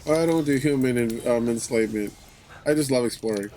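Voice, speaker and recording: A man hosting a livestream, chatting casually with viewers in a relaxed way, swearing often and repeating his phrases. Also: mid-range voice, brisk, slight background noise. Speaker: livestream host.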